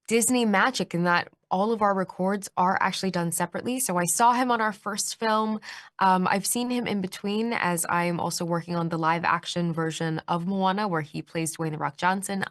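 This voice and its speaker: A woman in her twenties giving a press interview, bubbly and animated, laughing often. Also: mid-range voice, no room sound, studio quality. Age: 20s. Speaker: actress being interviewed.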